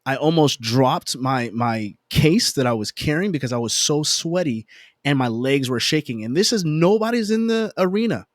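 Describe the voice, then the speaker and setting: Animated storytelling man, dry close sound. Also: a little high, moderate pace, dry recording. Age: adult parent. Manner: animated, emphatic repetition; self-deprecating humor. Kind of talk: casual conversational storytelling.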